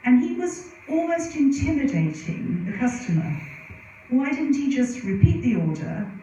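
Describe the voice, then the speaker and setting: A woman's voice: high voice, big pitch swings, unhurried, mellow, muffled recording, slight background noise. A middle-aged woman giving a conference presentation, telling anecdotes in a chatty way with many asides. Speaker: conference speaker. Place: conference venue. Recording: very echoey hall from a distance.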